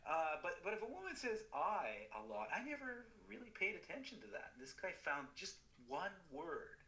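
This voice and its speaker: A man talking casually on a podcast as co-host, halting with fillers and restarts. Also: high voice, big pitch swings, bright, forceful tone, reverberant, low-quality recording.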